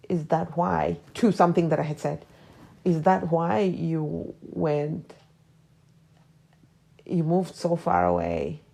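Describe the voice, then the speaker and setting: Low gravelly woman in her forties. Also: mellow. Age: 40s. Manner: hesitant, drops into whispers when emotional. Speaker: podcast host. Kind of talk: personal reflective monologue.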